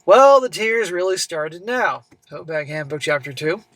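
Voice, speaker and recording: A man's voice: fairly high pitch, lively intonation, measured pace, fairly bright tone, dry recording, low-quality recording. A man hosting an advice show, reading a viewer's letter aloud and breaking in with blunt, sarcastic asides. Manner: blunt, sarcastic asides between read passages. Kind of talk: reading a story aloud with commentary.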